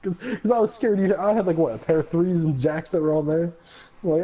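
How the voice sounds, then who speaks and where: A man's voice: fairly high pitch, quick pace, mellow. A young man streaming a game with friends, ribbing them with profane mock anger. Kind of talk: casual gaming stream banter. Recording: dull lo-fi audio with crowd noise.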